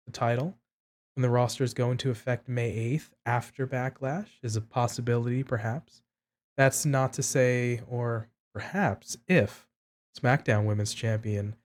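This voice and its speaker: A man's voice: medium pitch, a little mellow. A man co-hosting a casual podcast, recapping and reasoning aloud in a methodical way. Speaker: podcast co-host. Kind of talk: casual chat.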